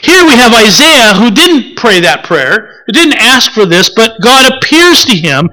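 High, bright-voiced male preacher. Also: rough recording. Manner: reflective, unhurried, with rhetorical questions. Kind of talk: sermon.

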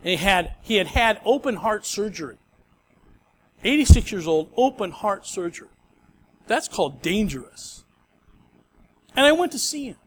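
High-voiced man preaching a sermon. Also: big pitch swings, moderate pace, pauses often, a little hiss or hum. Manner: conversational storytelling preaching. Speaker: pastor.

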